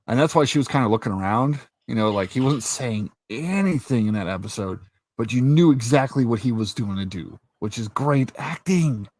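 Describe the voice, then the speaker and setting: A man with a mid-range voice hosts a casual chat at a normal speed. He retells scenes as an animated storyteller, swearing freely and laughing often.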